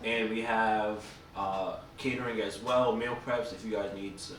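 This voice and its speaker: A man's voice: fairly low pitch, steady tone, measured pace, fairly bright tone. A man co-hosting a podcast, a chef who jokes with his friends and rattles off his own plugs. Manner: joking, rambling plugs. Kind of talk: casual chat. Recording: echoey room, mic from a distance, some noise.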